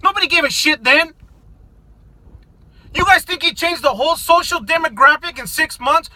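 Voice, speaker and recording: Man ranting angrily, bright and profane. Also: very high-pitched, moderate pace, long pauses, poor audio. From United States. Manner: profane, shouting, confrontational. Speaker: vlogger. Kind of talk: angry political rant to camera.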